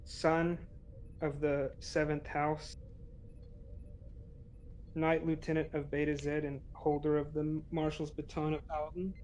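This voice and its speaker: A man's voice: a little high, little pitch movement, slow pace, pauses often, a little mellow, a little hiss or hum, low-quality recording. A man playing a stiff, formal noble starship captain. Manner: stiff, ceremonious, humble pleading.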